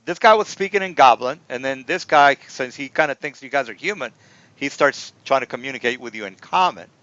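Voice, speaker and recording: A man's voice: medium pitch, lively intonation, a little fast, bright, forceful tone, no echo. A man narrating a tabletop game as game master, rambling and repeating himself with many fillers. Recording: dull lo-fi recording.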